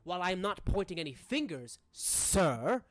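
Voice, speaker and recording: A game master voicing a stiff, long-winded gentleman who speaks formally and a little louder than usual. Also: medium pitch, big pitch swings, a little slow, no room sound. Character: stiff formal manor official.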